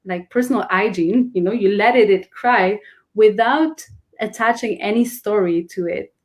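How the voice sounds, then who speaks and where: A woman talks earnestly in a casual conversation. She explains slowly, starts sentences over and searches for words. Her voice sits at a medium pitch. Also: darkish tone. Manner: earnest, explains with many restarts and fillers. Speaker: guest.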